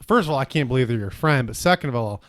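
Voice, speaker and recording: A man's voice: medium pitch, lively intonation, fast. A man co-hosting a casual podcast, talking earnestly and a bit preachily, often repeating himself. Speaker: podcast co-host.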